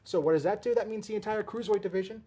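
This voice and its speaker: Rambling excitable male podcast host. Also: sits high, racing, breathy edge. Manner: rambling, excitable, with frequent restarts. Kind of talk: casual wrestling chat.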